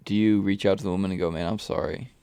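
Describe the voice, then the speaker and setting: A man's voice: low voice, steady tone, quick pace, warm tone, clear, resonant tone, dry recording. A man co-hosting a radio show, chiming in with laid-back, wry asides and questions in casual chat. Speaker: radio co-host.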